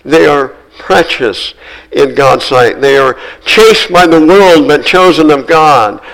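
A man preaching a sermon, earnest and emphatic, repeating phrases and slowing down to stress key words. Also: a little high, expressive, gravelly, a bit bright, poor audio.

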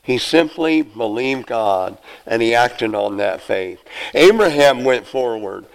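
A man's voice: medium pitch, animated, takes it slowly, creaky, low-quality recording. A male preacher delivering a sermon, reading scripture aloud in an earnest, conversational way.

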